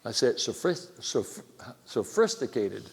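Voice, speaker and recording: A man preaching a sermon, asking his listeners rhetorical questions and swinging between loud exclaimed lines and near-whispered quiet ones. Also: medium pitch, expressive, moderate pace, creaky, long reverb tail. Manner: asks the audience rhetorical questions.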